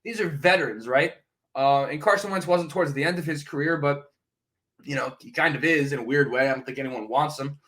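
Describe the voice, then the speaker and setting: Fairly high-voiced man thinking aloud. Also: brisk, a bit bright. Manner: thinks aloud, hedging with "right?" and "uh". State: sipping coffee, brief cough. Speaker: podcast host. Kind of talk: casual fan commentary.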